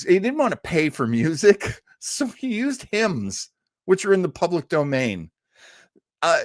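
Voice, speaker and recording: A man's voice: medium pitch, dry recording, clean studio sound. A man from New England hosting a show, telling radio history in a chatty, digressive way with fillers and small laughs. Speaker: host. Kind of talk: casual storytelling commentary.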